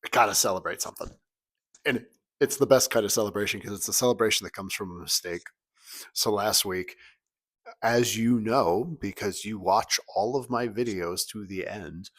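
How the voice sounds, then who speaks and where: Low-voiced pastor telling funny stories. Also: male voice, fairly bright tone. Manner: conversational, humorous storytelling with big pitch swings. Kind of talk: weekly church video message.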